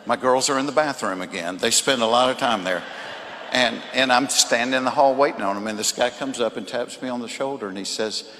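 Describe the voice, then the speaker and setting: A man with a Southern US accent, a comedian and speaker telling folksy stories in a faith talk to a live audience, at times turning earnest and hushed. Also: medium pitch, brisk. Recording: reverberant hall with faint noise.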